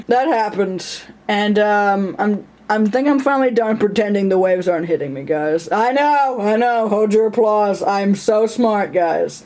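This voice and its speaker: A woman chats casually in a personal vlog, rambling, poking fun at herself, laughing often and doing voices as she tells her stories. Her voice sits in the mid range and is a little mellow, with a slightly slow pace and few pauses.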